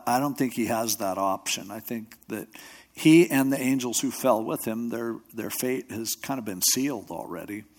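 A church pastor and radio host with a medium-pitched voice gives a sermon that feels like conversation. He spins stories, voices the quotes of others, and drifts loosely through restarts and asides.

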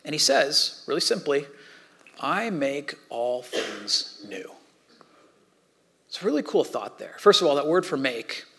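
Man, pastor, sermon, fairly high voice, conversational, loud-to-hushed swings.

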